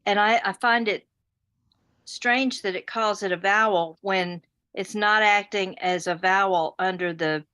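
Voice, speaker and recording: Woman, student, careful, questioning, bright tone, dry recording. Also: medium pitch, unhurried, no room sound. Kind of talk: asking questions in a class.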